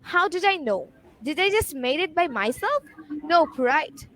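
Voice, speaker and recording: A woman appearing as a guest on a live online show, explaining English pronunciation in a lively, emphatic way over a video call. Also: high voice, unhurried, no room sound, poor audio.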